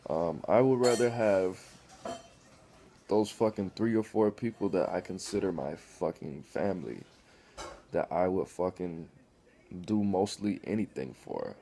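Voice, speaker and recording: A man speaks to the camera in a rambling, blunt monologue, swearing freely as he goes. His voice sits low and warm, with a soft, dark tone. A faint hiss runs under the recording. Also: a little slow. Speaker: vlogger.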